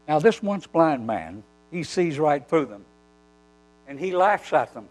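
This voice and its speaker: Animated preacher man, lively pitch. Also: measured pace, low-quality recording. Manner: animated storytelling, acting out quoted dialogue. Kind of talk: sermon.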